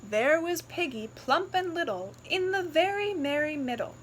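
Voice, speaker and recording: A woman's voice: high voice, animated, a little slow, a bit bright, slight background noise, rough recording. Sing-song woman reading a picture book. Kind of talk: read-aloud storytelling.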